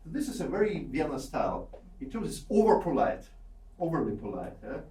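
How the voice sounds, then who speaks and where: A man coaching a piano student in a masterclass, animated and repeating short instructions, slipping into German. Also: a little high, a little fast. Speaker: piano teacher. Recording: roomy hall from a distance with piano.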